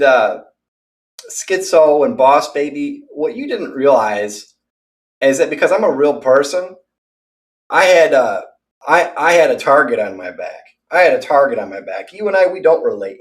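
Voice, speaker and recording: A man's voice: medium pitch, fairly bright tone, far from the mic. Profane, threatening man ranting off-mic. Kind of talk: angry rant to camera.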